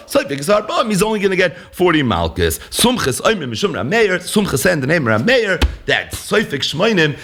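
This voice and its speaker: A man's voice: on the high side, a bit bright. A man teaching a daily Talmud lesson, explaining step by step and asking and answering his own questions.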